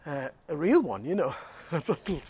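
A high-pitched man, preaching from the pulpit. He tells his stories with animated energy, often laughing and restarting his sentences. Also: measured pace, slightly rough. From Northeast England. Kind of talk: sermon with a personal story.

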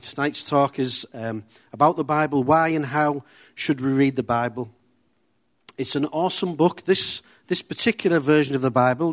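A man with a Teesside accent speaking to a church group. He talks in a chatty, self-deprecating way and mixes funny stories into his sermon. His voice sits in an ordinary middle pitch. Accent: Teesside English. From Middlesbrough, England. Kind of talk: informal sermon with humorous anecdotes.

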